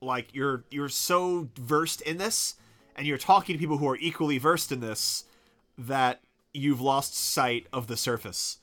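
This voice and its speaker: A man's voice: mid-range voice, measured pace, pushed and bright. A man chatting casually about anime, blunt and profane, trailing off with fillers while he thinks.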